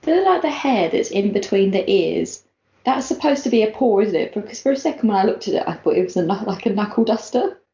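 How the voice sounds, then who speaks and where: Co-host podcastu: kobieta z brytyjskim akcentem, ciepły głos, gadatliwa, w pogłosowym pokoju. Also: female voice, mid-range voice, a little fast. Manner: chatty, giggly, animated reading of quotes. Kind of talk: casual chat recapping a manga chapter. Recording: lo-fi, echoey room.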